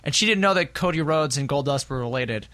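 A man's voice: a little high, lively intonation, brisk, bright, forceful tone, dry recording. A man hosting a casual podcast chat, joking around and laughing often. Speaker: podcast host.

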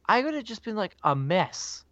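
A man's voice: sits high, big pitch swings, normal speed, fairly bright tone, no room sound. A man co-hosting a podcast in casual chat, rambling and filling his talk with "like". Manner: rambling, fills speech with "like". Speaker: podcast co-host. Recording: dull lo-fi dry sound.

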